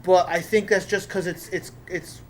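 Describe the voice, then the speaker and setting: A man hosting a casual chat about movies, animated and opinionated, swearing now and then. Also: high-pitched, normal speed, slight background noise. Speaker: podcast host.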